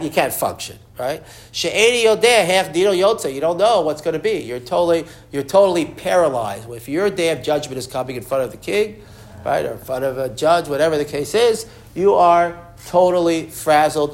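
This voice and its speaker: A man giving a Torah class. He reads Hebrew and Aramaic sources, translates them line by line, and often restarts and repeats words as he explains. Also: on the high side. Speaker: Torah teacher.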